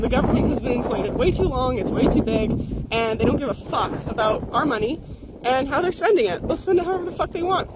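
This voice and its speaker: Furious swearing woman over loud wind noise. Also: high voice. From Canada. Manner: heated, swearing, sarcastic mock voices. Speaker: ranting vlogger. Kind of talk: angry profane rant.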